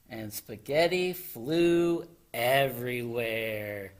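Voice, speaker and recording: A man, a children's librarian, reading a picture book aloud from home in an animated, expressive storytelling voice. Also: mid-range voice, slow, hardly any pauses. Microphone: home recording.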